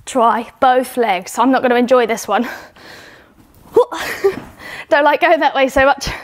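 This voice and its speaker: A young woman with a high voice and a British accent speaks at a moderate pace. She's coaching children through gymnastics at home, offering encouragement and sounding a little winded as she demonstrates the moves.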